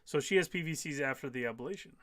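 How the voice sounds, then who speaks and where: A man's voice: fairly high pitch, fast talker, a bit bright, no echo, clean studio sound. A man in his fifties hosting a casual live stream, reading viewer comments aloud and answering them emphatically, often repeating key phrases. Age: 50s.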